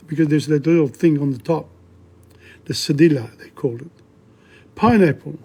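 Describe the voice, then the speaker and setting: A man's voice: fairly high pitch, lively intonation, warm tone. An older man giving a casual, rambling language lesson at home, often correcting himself as he goes. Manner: rambling, self-correcting, slow and chatty. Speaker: language teacher.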